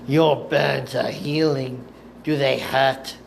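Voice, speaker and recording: A man voicing a cold, taunting elderly male Sith master who speaks in a measured, commanding way in a fan audiobook reading. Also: medium pitch, steady tone, vocal fry, a little hiss or hum. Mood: cold, probing.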